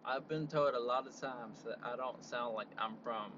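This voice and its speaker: A man's voice: medium pitch, normal speed, muffled recording, background noise. A man hosting a casual solo podcast from a parked car, rambling with lots of fillers and frequent laughs. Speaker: podcast host.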